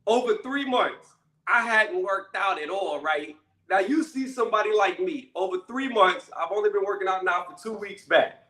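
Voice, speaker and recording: A man's voice: high-pitched, moderate pace, bright, forceful tone. A man hosting his own channel, giving a blunt, emphatic casual rant and often tagging "okay?" or "right?" onto his points. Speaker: channel host. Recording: echoey room, mic at a distance.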